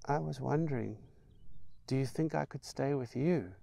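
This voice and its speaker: A man's voice: medium pitch, moderate pace, gravelly, mellow, no room sound, voice pushed up. A man voicing a small, frightened young boy who speaks in a tiny, near-whispered voice. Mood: pleading.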